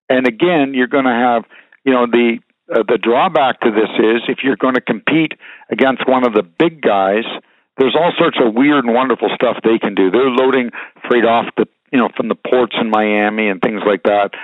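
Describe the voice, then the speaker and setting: A man's voice: medium pitch, no room sound. Folksy older man on a tinny line. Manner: frank, folksy, rambling with fillers. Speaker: guest, trucking business veteran. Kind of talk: casual advice and storytelling. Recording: dry, tinny phone-like sound.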